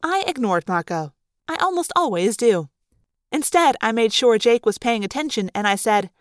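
A woman narrating a first-person audiobook with brisk, expressive storytelling on a close mic. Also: on the high side, dry recording.

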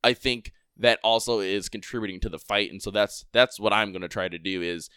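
A man's voice: fairly low pitch, fairly even intonation, sharp tone, smooth, no room sound, clean studio sound. A man co-hosting a podcast, ranting in a casual, emphatic way with lots of fillers. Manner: emphatic, fast and filler-heavy. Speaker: podcast co-host.

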